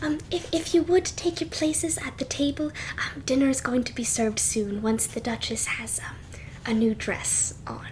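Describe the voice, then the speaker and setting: Woman as a timid, soft-spoken maid NPC, hesitant, hushed. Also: high-pitched, steady tone, moderate pace, slight background noise, natural voice, rough recording.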